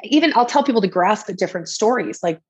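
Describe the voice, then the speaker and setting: Woman guest, husky chatty delivery, lo-fi dull podcast sound. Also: mid-range voice, animated, fast talker. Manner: chatty, laughs often, frequent restarts. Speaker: guest author and coach. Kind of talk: casual podcast interview.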